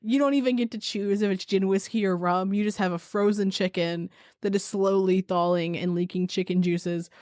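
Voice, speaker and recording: A woman's voice: mid-range voice, fairly even intonation, moderate pace, a little mellow, dry recording, clean studio sound. Sarcastic, foul-mouthed woman co-host. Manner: blunt, sarcastic, swears a lot. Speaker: podcast co-host. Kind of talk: casual chat.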